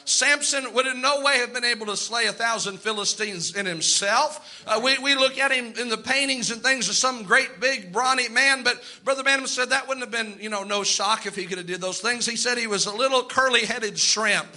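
A man's voice: very high-pitched, normal speed, few pauses, pushed and bright. A male pastor preaching a sermon, repeating lines for emphasis and calling out amens.

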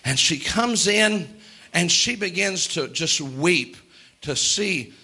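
A man's voice: high voice, lively intonation, takes it slowly, bright, forceful tone, husky. A man preaching a sermon with impassioned delivery, acting out the lines of Bible characters.

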